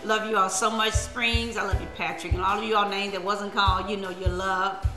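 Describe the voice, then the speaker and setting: A woman minister hosting a casual live stream, laughing often and giving lively preachy asides to her viewers. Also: mid-range voice, brisk, roomy sound, music in the background.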